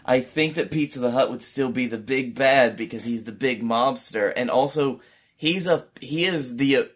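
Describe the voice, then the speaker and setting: A man with an ordinary mid-range voice chats on a comedy podcast. He stays dry and matter-of-fact, slipping in deadpan jokes. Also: mid-range voice, moderate pace. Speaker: podcast co-host. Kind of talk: casual comedy podcast chat.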